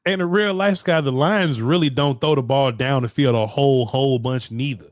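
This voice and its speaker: A man co-hosting a casual sports talk show, excitable and slangy, laughing often. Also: mid-range voice, moderate pace, dry recording, clean studio sound. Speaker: co-host.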